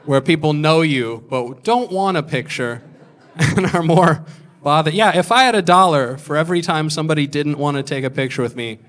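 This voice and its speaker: This comedian's pitch is fairly high and his tone fairly bright. He's a man in his thirties telling stand-up stories that are crude and self-mocking, often voicing other characters.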